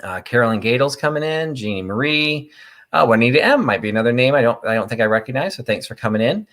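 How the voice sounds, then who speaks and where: A man's voice: medium pitch, animated, quick pace, a bit bright. A middle-aged man from Illinois hosting a live online vintage sale, chatting in a rambling way and greeting viewers by name. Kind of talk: casual live-stream chat.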